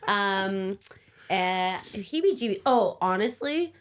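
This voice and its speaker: A woman's voice: mid-range voice, animated, takes it slowly, noisy background. A Canadian woman, a comedian guest on a chat show, chatty and rambling, laughing often and poking fun at herself.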